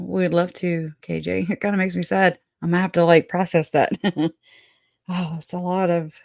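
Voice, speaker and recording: A woman's voice: fairly low pitch, a little mellow, no echo, clean studio sound. A woman hosting a true crime livestream, rambling, laughing often and teary as she chats. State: crying. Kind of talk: emotional livestream chat.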